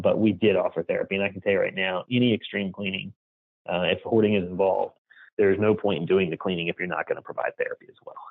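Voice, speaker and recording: A man's voice: deep voice, no echo, narrow, tinny audio. A man in his forties from Virginia, giving a candid conference talk full of personal stories and frequent fillers. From Virginia, USA. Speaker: keynote speaker.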